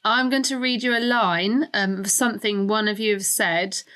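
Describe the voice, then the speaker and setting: A woman's voice: mid-range voice, steady tone, moderate pace, pushed and bright. A woman producer explaining and running a quiz game on a podcast in an orderly way. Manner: clear, orderly quizmaster delivery.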